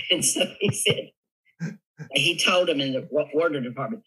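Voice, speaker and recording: Guest: older Southern man, bright and husky tone, animated storyteller. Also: a little high, normal speed, rough recording. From Southern United States. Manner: lively storyteller, animated, laughs often. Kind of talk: casual storytelling interview.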